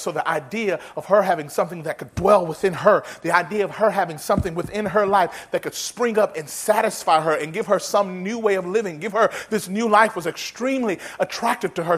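A man preaching a sermon in a folksy, humorous, animated way. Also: high-pitched, fairly quick, hardly any pauses, slightly rough. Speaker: pastor.

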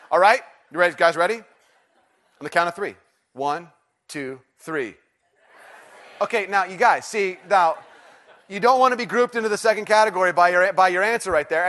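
A pastor with a high-pitched voice preaches to his congregation in a chatty, self-deprecating way. He jokes, asks for a show of hands and counts them into call-and-response. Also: fairly bright tone. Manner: joking, conversational, gets congregation to respond. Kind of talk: sermon. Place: church sanctuary with congregation.

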